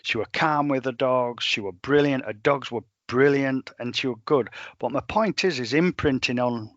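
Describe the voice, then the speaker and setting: A middle-aged man, a dog trainer telling stories in a plain-spoken, animated way. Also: medium pitch, moderate pace, no room sound, dull audio. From England. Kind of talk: storytelling in a podcast interview.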